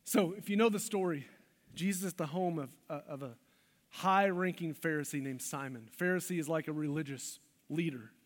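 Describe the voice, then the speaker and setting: A man's voice: a little high, a little fast. A male pastor preaching a sermon in a church, passionate with emphatic outbursts. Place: church sanctuary. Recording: long reverb of a large hall.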